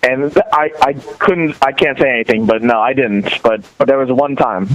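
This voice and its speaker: A middle-aged man talking as a podcast guest in casual chat, telling rambling, animated stories full of restarts. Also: mid-range voice, normal speed, dull audio.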